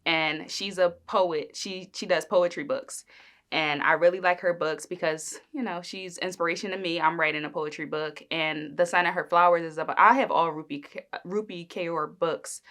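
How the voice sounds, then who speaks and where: Bright-voiced young woman chatting casually. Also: fairly low pitch, steady tone, moderate pace. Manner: chatty and rambling, with many fillers and likes. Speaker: podcast host. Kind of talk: casual solo podcast chat.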